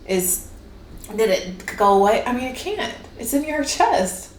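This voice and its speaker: An animated woman chats her way through a tarot reading, rambling and laughing often in a fairly high voice. The sound is echoey with a faint hiss. She talks as if to a friend. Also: unhurried. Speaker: tarot reader. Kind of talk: casual spoken tarot reading.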